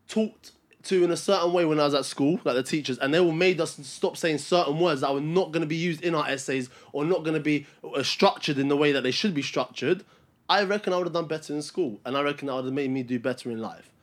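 A man with a slightly high voice explains his view on a podcast. He stumbles and restarts mid-sentence but keeps going. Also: fairly quick. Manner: stumbling restarts when pressed. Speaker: podcast co-host. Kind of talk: heated casual debate.

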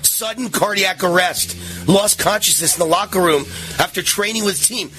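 A man's voice: high-pitched, normal speed, sharp tone, slight background noise. A man in his sixties hosting a political talk radio show, combative and mocking, his voice rising into sing-song taunts. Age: 60s.

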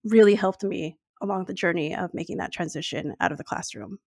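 A woman's voice: lowish voice, brisk, creaky, no room sound, clean studio sound. A woman, a former teacher, talking as a podcast guest in earnest, heartfelt casual chat.

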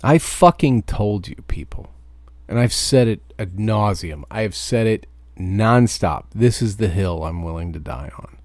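A truck driver giving a profane, ranting podcast monologue. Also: male voice, fairly low pitch, lively intonation, measured pace, a little mellow, dry recording.

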